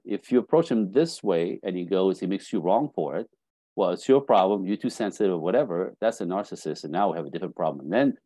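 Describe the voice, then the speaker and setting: A middle-aged man, a dating coach, telling lively stories on a podcast and acting out bits of dialogue. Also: low-pitched, no echo. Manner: animated storytelling, acting out dialogue. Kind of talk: casual podcast conversation.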